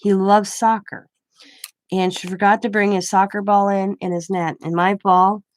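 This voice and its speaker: A woman's voice: mid-range voice, little pitch movement, normal speed. An older woman, a grandmother, telling a rambling story in casual chat, with many restarts. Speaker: craft vlogger.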